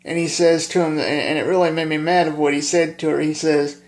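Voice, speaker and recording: A man vlogging casually about his favorite film, halting with lots of filler pauses and plainspoken. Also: a little high, steady tone.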